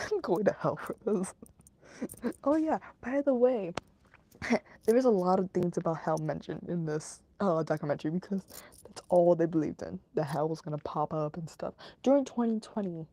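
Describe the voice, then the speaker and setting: A woman's voice: fairly low pitch, normal speed, pauses often, warm tone. A young woman hosting a true crime podcast, rambling and joking with lots of fillers and laughs. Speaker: podcast host. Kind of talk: casual true crime commentary.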